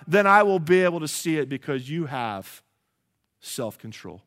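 A male pastor giving a sermon, moving between quiet low asides and loud emphatic preaching, and calling out questions to the congregation. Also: very animated, normal speed. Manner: calls out rhetorical questions to the congregation.

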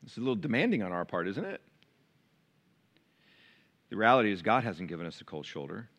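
A man preaching a sermon to his church, shifting from quiet, close asides to loud, raised passages. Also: lowish voice, sing-song, fairly quick. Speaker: pastor. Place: church sanctuary.

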